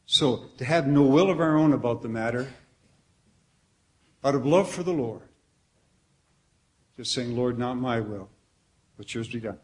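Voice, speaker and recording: A man preaching a sermon in an earnest, conversational way, asking the congregation questions and dropping softly at the ends of phrases. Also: mid-range voice, unhurried, pauses often.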